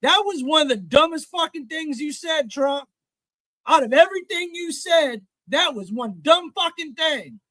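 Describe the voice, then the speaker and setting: A man hosting a live stream, ranting in a heated, profane way and often shouting. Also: very high-pitched, animated, unhurried, no room sound. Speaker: livestream host. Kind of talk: profane live reaction rant.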